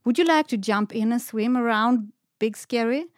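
A woman voicing an excitable young dog girl. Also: fairly high pitch, moderate pace, dry recording, studio quality, voice pushed up, close to an everyday voice. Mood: excited. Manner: wide-eyed, excited, a little fearful.

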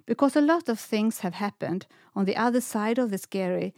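A woman reading a storybook, voicing an excitable young female dog who asks wide-eyed questions. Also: mid-range voice, normal speed, no room sound, clean studio sound, lightly acted. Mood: excited.

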